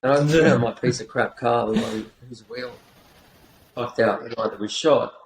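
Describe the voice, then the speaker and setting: A man's voice: medium pitch, moderate pace, crowd noise. An Australian man telling an anecdote in casual podcast chat, swearing freely. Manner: storytelling, swears, laughs through it.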